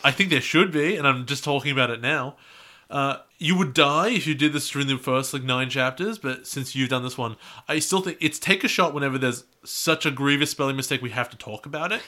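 A man's voice: medium pitch, brisk, sharp tone. A man co-hosting a podcast, reading a story aloud and breaking off to tease his co-host, laughing mid-sentence.

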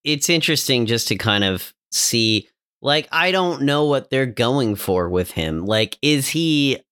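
A podcast co-host ranting about a TV character in an animated, casual way and swearing freely. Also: medium pitch, unhurried, clear, resonant tone. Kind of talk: casual discussion of a TV show.

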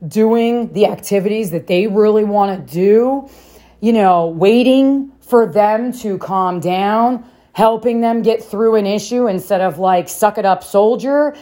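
A woman's voice: medium pitch, darkish tone. A woman in her thirties telling a story casually to camera, laughing often and acting out the voices of the people she quotes. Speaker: parenting vlogger.

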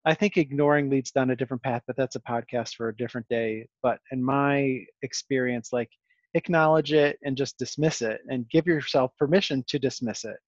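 A man's voice: mid-range voice, brisk, no echo, muffled recording. A man hosting a podcast in a casual, reflective conversation, talkative and full of fillers and restarts. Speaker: podcast host.

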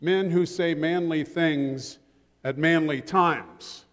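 A man's voice: fairly high pitch, takes it slowly, a bit bright. An older man preaching a sermon as pastor, telling humorous stories and joking with his congregation. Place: church sanctuary. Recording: long church reverb.

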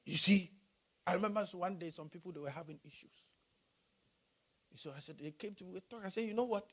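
A male pastor preaching a sermon, animated and rising to shouts. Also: sits high, a little fast.

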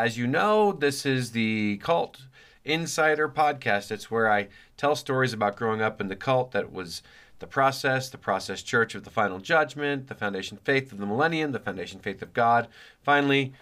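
Jokey rambly podcast guy in his home office, bright punchy voice, still getting over a chest cold. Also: medium pitch. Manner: jokey and rambling, many fillers. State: recovering voice after a chest cold. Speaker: podcast host. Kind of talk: casual rambling podcast intro.

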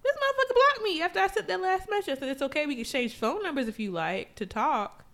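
Lively bright-voiced woman telling stories. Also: sits high, quick pace. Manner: animated storytelling, frank and profane. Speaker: podcast co-host. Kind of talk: casual chat.

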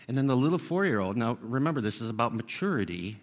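A man's voice: medium pitch, expressive, quick pace. Conversational older man preaching. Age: 60s. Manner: conversational, self-deprecating, with many fillers and restarts. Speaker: pastor. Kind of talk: sermon with personal story.

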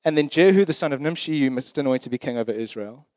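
A man's voice: medium pitch, lively intonation, fast talker, darkish tone, no room sound. A man preaching a sermon in a conversational, emphatic way, often checking in with his listeners.

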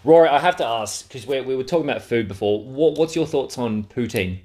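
A man's voice: medium pitch, animated, a little mellow. Bantering man with a mid-range voice. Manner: joking, quizzes his co-host and throws in quick interjections. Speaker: podcast co-host. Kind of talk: casual chat.

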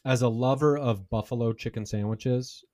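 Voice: medium pitch, normal speed, a little mellow. A podcast co-host in casual chat, rambling along and ending thoughts with "right?".

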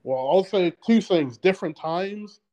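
A man's voice: high-pitched, expressive, measured pace, mellow, rough recording. A man co-hosting a podcast in casual chat, rambling with many fillers and restarts. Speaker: podcast co-host.

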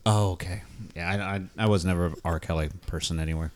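A man's voice: deep voice, fairly even intonation, fast talker. A man hosting a comedy podcast, joking around in playful banter. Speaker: podcast host. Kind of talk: casual chat.

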